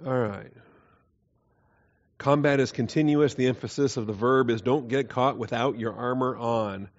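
A man at mid pitch teaches a Bible doctrine class, talking casually with many fillers and soft chuckles. He keeps turning questions to his listeners. The recording sounds dull and lo-fi. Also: moderate pace. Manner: conversational, hesitant fillers, quiet chuckles, quizzes the class.

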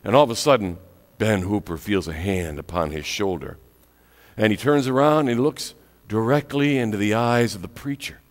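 A male pastor telling a story in a sermon, with dramatic pauses and whispery drops on key words. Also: on the low side. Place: church sanctuary. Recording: echoey church hall with long reverb.

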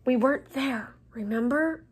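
A woman reading the lines of a determined teenage boy wizard in a voice close to her own, plain and steady. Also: fairly high pitch, normal speed, slightly rough. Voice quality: plain, steady, sometimes muttered.

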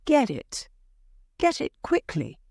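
A woman's voice: medium pitch, big pitch swings, unhurried, no echo, pitched above the performer's own voice. Storybook mother, grieving and desperate, insisting urgently, read by a woman narrator; dry, close sound. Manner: urgent, pleading.

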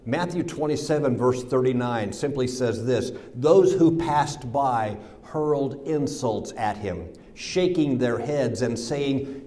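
A man with an American accent preaching a sermon, reading scripture aloud, mimicking the mockers' sneering taunts and dropping low and soft for Jesus' words. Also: animated, unhurried, a little hiss or hum. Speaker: pastor.

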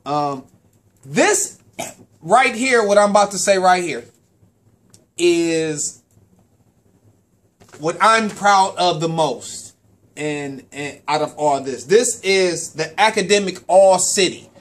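A man hosting a local sports talk show, who is also a parent and a sports official. He gives casual, animated shout-outs, repeats words and stumbles on names. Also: high-pitched, slow pace, pauses often.

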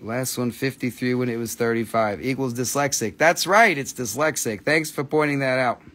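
A man running a live gem sale in loose, casual patter. He fires off prices bluntly and swears without a second thought, in a voice of ordinary middle pitch. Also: a bit bright. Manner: blunt, swears freely, quick price calls. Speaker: host of a live gemstone sale.

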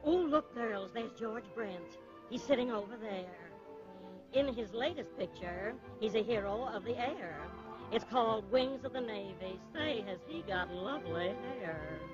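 An actress playing a perky head waitress who speaks in rhyming verse. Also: female voice, medium pitch, lively intonation, unhurried, lightly acted. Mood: chirpy. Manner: chatty, gushing. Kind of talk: rhythmic spoken verse over music. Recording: dull old film soundtrack with loud music.

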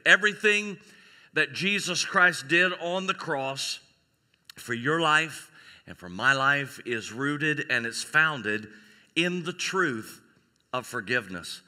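Bright-voiced pastor preaching in a reverberant sanctuary. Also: male voice, on the high side, measured pace. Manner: animated storytelling, voicing characters in a skit. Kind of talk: sermon with acted illustration. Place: church sanctuary. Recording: church sanctuary with long reverb.

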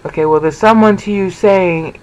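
Animated male Bible teacher, higher voice. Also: moderate pace, low-quality recording. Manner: animated, repeats words and asks rhetorical checks. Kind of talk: lecture on scripture.

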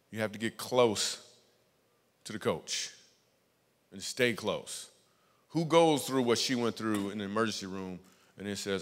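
A man's voice: lowish voice, a little slow, long pauses. Comedic male preacher in a big reverberant hall. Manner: animated jokey delivery, switching to hushed earnest tones. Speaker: guest speaker and comedian. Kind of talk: comedic sermon storytelling. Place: large church auditorium.

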